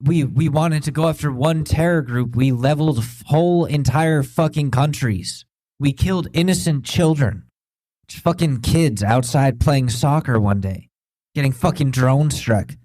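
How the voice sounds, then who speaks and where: A man's voice: on the high side, a little slow, a little mellow, no echo, poor audio. An American man in his thirties hosting a podcast, ranting with heated, profane indignation. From United States. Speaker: podcast host. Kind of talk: opinion rant.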